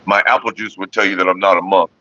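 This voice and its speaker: His voice sits low and moves at a quick pace without any echo. He's answering viewers on a casual vlog from Northern California, rambling and swearing in a laid-back way about staying calm, on a dull lo-fi recording.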